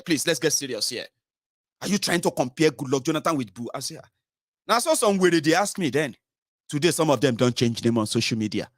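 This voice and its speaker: A Nigerian man hosts his own political commentary show, talking in a mocking, animated monologue. He moves freely between English, Pidgin and Yoruba. His mid-pitched voice sits close and dry, with no room sound. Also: dry recording.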